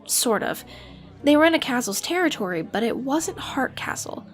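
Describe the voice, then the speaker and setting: A woman narrating an audiobook in an expressive storytelling manner. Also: sits high, moderate pace.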